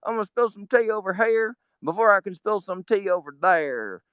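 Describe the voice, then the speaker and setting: A man's voice: high voice, lively intonation, normal speed, fairly bright tone, clean tone, no echo, lo-fi sound, pitched above the performer's own voice. A man voicing a bumbling, boastful folksy male president in a rambling, blustery drawl. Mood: giddy boastful. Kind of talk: comedic impression.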